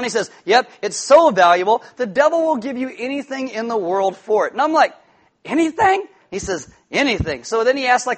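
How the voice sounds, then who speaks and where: Guy preaching, kinda high voice, tells stories and does all the voices. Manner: storytelling, animated with quoted voices. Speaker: pastor. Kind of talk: sermon.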